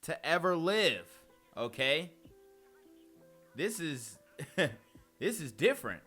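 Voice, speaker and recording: A man's voice: a little high, very animated, slow, sharp tone, soft background music. A young man hosting casual reaction commentary, slangy and often laughing. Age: young adult. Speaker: commentary host.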